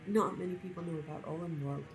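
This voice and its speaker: A cheeky Breton necromancer, as a woman plays him, offhand and breezy about dark business. He talks casually with a sly grin in his tone. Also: on the low side, fairly even intonation, fast, music in the background, close to an everyday voice, rough recording.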